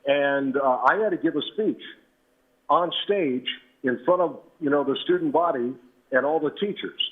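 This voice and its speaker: A man in his seventies, a veteran radio announcer, relaxed and anecdotal as he tells stories as an interview guest. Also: on the high side, normal speed. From New Britain, Connecticut. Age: 70s. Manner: relaxed and anecdotal, with frequent "uh" and "you know". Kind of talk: reminiscing storytelling. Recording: tinny phone line.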